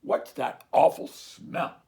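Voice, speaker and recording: A man voicing a herd of slow, grumbling farm cows in a storybook read-aloud. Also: warm tone, close to an everyday voice.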